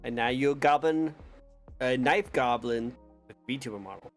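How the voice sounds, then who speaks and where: A man's voice: mid-range voice, normal speed, soft background music. A man hosting a casual interview, enthusiastic and repeating "I love it.". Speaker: interview host.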